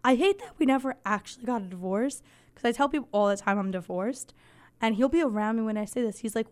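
A woman hosting a podcast in casual chat, her voice soft and fading, rambling and swearing with deadpan jokes. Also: a little high, quick pace. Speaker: podcast host.

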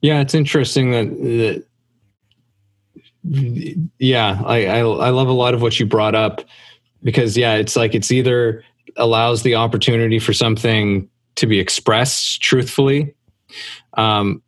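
A man in a relaxed podcast conversation, speaking loosely with frequent "like" and easy laughter. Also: mid-range voice, unhurried, no echo. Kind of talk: casual conversation.

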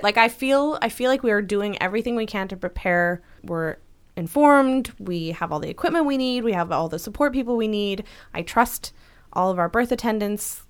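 A woman's voice: medium pitch, smooth. A woman co-hosting a podcast, talking earnestly and reassuringly with a partner, often restarting her thoughts. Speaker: podcast co-host, supporting partner. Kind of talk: casual chat.

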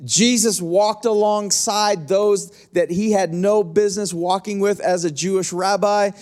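A middle-aged man preaching a sermon as pastor, in a conversational, repetitive style that slows down to stretch key lines. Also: sits high, fairly even intonation, a little mellow.

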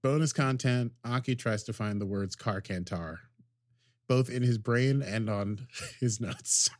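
A man's voice: medium pitch, a little slow, no echo, studio quality. A man casually recapping a TV episode as a podcast co-host, rambling and joking as he acts out the characters' lines.

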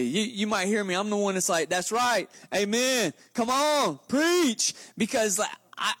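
A man preaching a lively, conversational sermon to his congregation, openly excited and talking casually between scripture readings. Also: high voice, dry recording. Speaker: pastor.

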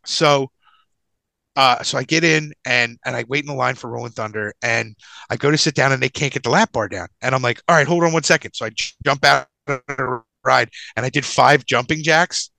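A young man telling a story in casual podcast chat, animated and swearing freely, acting out the people in his story. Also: medium pitch, fairly quick, vocal fry, dry recording. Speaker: podcast co-host.

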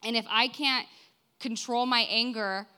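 A woman's voice: on the high side, steady tone, unhurried, bright, forceful tone, clear, resonant tone. A young woman in her twenties preaching a sermon in a church, earnest and conversational, often checking in with "right?" and "like".

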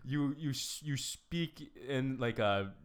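A man's voice: mid-range voice, smooth. Man reading quiz clues with giggles. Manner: reads clues slowly, giggles, stumbles over words. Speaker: quiz host of a guessing game. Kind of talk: casual chat.

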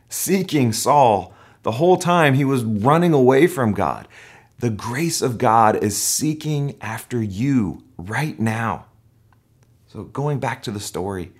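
A man preaching a sermon, telling stories with animation and acting out voices. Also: fairly low pitch. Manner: animated storytelling, acts out voices. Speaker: pastor.

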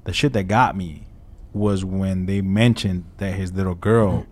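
Low-voiced man with a casual, cursing manner. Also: steady tone, measured pace, darkish tone. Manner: loose and emotional, swears, many fillers. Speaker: radio show co-host. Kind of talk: casual radio chat. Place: radio studio.

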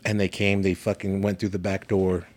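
There's slight background noise as a deep-voiced man talks at normal speed on a casual podcast. Animated and profane, he tells stories and laughs frequently.

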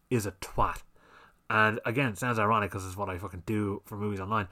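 A man's voice: lowish voice, a bit bright. A man hosting a solo podcast, ranting in a heated, sweary, exasperated way. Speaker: podcast host. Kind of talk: solo opinion rant.

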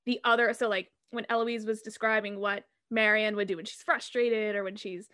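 Lively young woman, close and dry. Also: medium pitch, normal speed, no room sound. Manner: animated, laughing, acts out her own reactions. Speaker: podcast co-host. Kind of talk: casual chat.

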